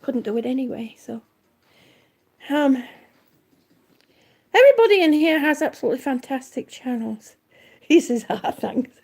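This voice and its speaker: This livestream vlogger has a high, expressive, slightly mellow voice at normal speed, pausing often. Out of breath, she casually greets viewers and reads their comments, frequently trailing off and restarting.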